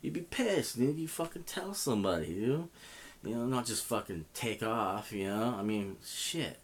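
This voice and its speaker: A man's voice: mid-range voice, expressive, normal speed, a little hiss or hum. A man telling a story in a casual, rambling way, swearing often and filling gaps with "you know.". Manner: profane, rambling, heavy with fillers. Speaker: vlogger.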